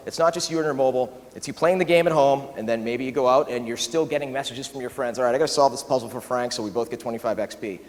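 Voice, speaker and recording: A man giving a conference talk in a quick, animated way, often acting out quoted asides. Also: on the high side. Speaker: conference speaker. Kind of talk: keynote talk. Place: large conference hall. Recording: long reverb of a large hall.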